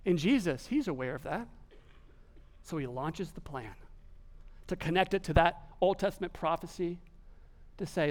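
A man preaching a sermon, telling the story with animated delivery and acted-out quotes. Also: a little high, normal speed, long pauses. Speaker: pastor.

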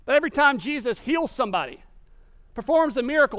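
A man preaching a sermon, telling the story with animated delivery and acted-out quotes. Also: very high voice, fast. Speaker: pastor.

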